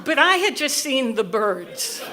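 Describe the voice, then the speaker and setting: A woman in her sixties from the US Midwest, telling a comic personal story with animated delivery and careful enunciation. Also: sits high, a little slow, a crowd in the background. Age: 60s. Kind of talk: live storytelling.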